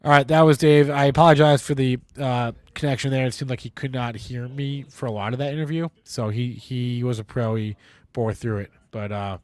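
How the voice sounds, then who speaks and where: A man's voice: medium pitch, fairly even intonation, a little fast, no echo. Male livestream host, stuffy nose, rambling and self-deprecating, dry mic. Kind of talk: live market show hosting.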